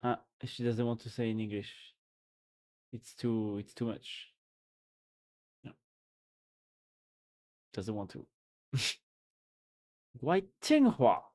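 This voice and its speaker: A man's voice: fairly low pitch, level tone, takes it slowly, pauses often. French-accented male streamer, drawling pace, jokey and rambling. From France. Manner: joking, musing aloud, full of restarts. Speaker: live-streaming programmer. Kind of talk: casual live-stream chat while coding.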